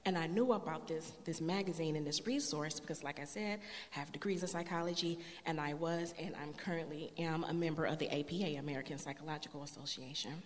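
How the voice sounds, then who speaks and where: A woman telling her personal story to a church congregation in an earnest storytelling way, building to a loud, emphatic appeal. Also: low-pitched, quick pace, few pauses. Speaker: church speaker sharing testimony. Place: church sanctuary. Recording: long hall reverb.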